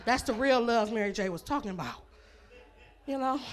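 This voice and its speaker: Brash high-voiced woman doing stand-up. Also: expressive, moderate pace, pushed and bright. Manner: brash, laughs between jokes. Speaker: stand-up comedian. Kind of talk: stand-up comedy set. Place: comedy club stage.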